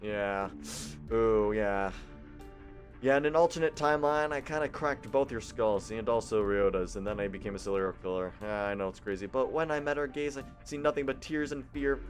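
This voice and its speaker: A man's voice: fairly low pitch, normal speed, soft background music. Goofy young man reading a game aloud. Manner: goofy, loud and sarcastic. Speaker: gaming channel host. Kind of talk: let's play reading a visual novel aloud.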